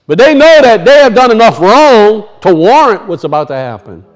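High-voiced preacher, animated and questioning. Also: male voice, moderate pace. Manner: animated, asks the audience questions. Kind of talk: sermon.

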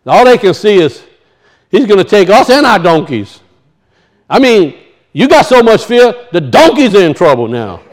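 A high-pitched male preacher delivering a sermon in a lively, animated way. He keeps turning to his listeners with questions and pressing home the point of each verse. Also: moderate pace. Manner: animated, asks the audience questions.

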